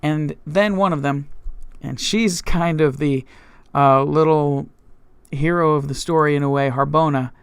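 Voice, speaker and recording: A male pastor retelling scripture as a story, full of restarts and filler words. His voice sits a bit high for a man, smooth and resonant with a gravelly fry, recorded close and dry. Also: fairly even intonation, a little slow, no echo. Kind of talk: Bible study teaching.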